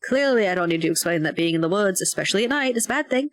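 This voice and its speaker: A woman voicing a sharp, worried young woman cousin who talks bossy and blunt over the phone. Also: mid-range voice, expressive, very fast, no room sound, lightly acted.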